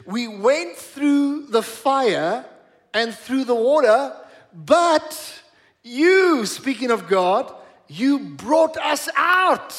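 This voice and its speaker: A middle-aged man preaching a sermon in church, emphatic, repeating words for stress and slowing down on key phrases. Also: sits high. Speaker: pastor.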